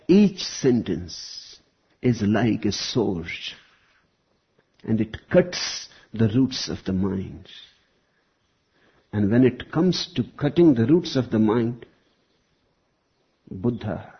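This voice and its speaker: A man giving a slow, deliberate spiritual discourse, pausing often. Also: on the low side, breathy edge. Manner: slow, deliberate, with long pauses. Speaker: spiritual teacher. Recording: dull lo-fi recording.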